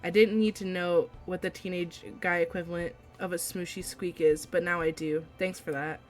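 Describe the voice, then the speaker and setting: A woman reading the lines of a bored, unimpressed teenage boy in a flat, dismissive way. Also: lowish voice, normal speed, faint music behind, close to an everyday voice.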